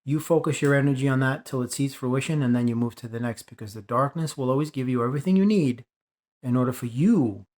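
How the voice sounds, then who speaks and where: A man speaking at an average pitch in a fervent spiritual monologue. He preaches emphatically and hammers home his points by repeating phrases. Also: fast, darkish tone. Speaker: spiritual video creator.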